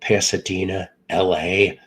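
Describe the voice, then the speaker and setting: A man's voice: sits low, flat delivery, a little slow, a bit bright, husky, rough recording. A middle-aged man who hosts a live stream, sounds congested from illness, and rambles with jokes as he greets viewers by name. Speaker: livestream host. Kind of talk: casual live chat with viewers.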